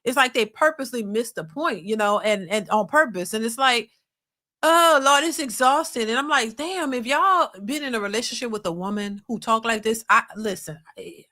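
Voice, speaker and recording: A woman reacts to a clip in blunt, exasperated casual commentary. Her voice is a bit high and very bright, and she lectures her viewers as she goes. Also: animated, brisk, hardly any pauses. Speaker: reaction channel host.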